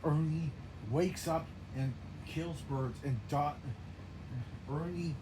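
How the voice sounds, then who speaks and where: A man improvising a game narration in an excitable, stumbling way, often restarting his phrases. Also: fairly high pitch, takes it slowly. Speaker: gameplay narrator. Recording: noisy background.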